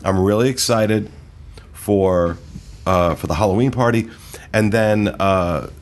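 A man with a very low voice hosts a casual podcast chat. He rambles enthusiastically and fills his sentences with ums and restarts. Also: a little slow. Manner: rambling, enthusiastic, many fillers. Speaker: podcast host.

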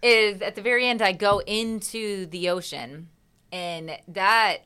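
A woman's voice: medium pitch, a little slow, sharp tone, smooth. A woman, a singer, chatting as a guest in an interview and acting out her own reactions as she tells a story. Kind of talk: casual interview chat.

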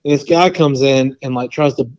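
A man telling a long story in a casual chat, rambling and animated, with lots of "like" and quoted asides. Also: medium pitch, normal speed, muffled recording. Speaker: podcast guest.

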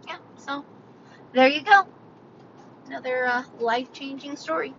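A woman's voice: high voice, lively intonation, normal speed, gravelly, pauses often, lo-fi sound. A woman in her thirties casually telling viewers a story, self-mocking and laughing often. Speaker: vlogger.

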